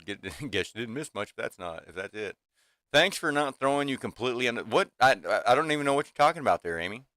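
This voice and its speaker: A man's voice: medium pitch, lively intonation, fast, a bit bright, no echo, studio quality. A man in his fifties venting casually to his livestream chat in a rambling way, full of restarts and fillers, from a small home workshop room. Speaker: livestream host.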